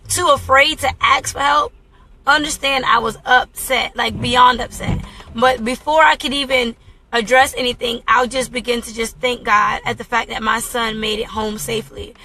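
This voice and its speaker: A woman's voice: on the high side, sharp tone, poor audio. A woman in her thirties hosting a talk radio show, telling a personal story in an earnest, exclaiming way. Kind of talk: casual talk radio monologue.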